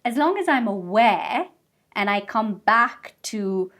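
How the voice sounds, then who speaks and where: A woman's voice: on the high side, big pitch swings, slow, a bit bright. A woman guest in a studio interview, patiently explaining ideas with everyday examples and frequent check-ins with her listener. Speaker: guest mindfulness expert.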